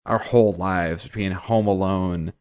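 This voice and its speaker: A man's voice: low voice, steady tone, unhurried, darkish tone, smooth. A man co-hosting a podcast, chatting casually with wry jokes. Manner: wry, joking. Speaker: podcast co-host.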